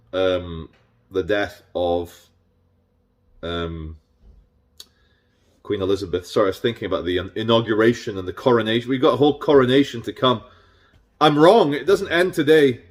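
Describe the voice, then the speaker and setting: A man delivering a rambling, sarcastic and irreverent casual monologue as a vlogger. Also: medium pitch.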